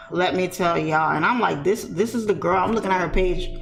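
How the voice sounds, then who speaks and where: A woman telling a story in a casual, animated way, speaking straight to her viewers. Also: on the low side, normal speed, vocal fry. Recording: echoey room with faint music.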